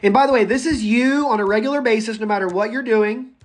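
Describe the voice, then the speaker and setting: A man teaching a public speaking class, lecturing live in a chatty, animated way, talking to students by name and going off on tangents. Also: very high-pitched, quick pace. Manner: goes off on tangents.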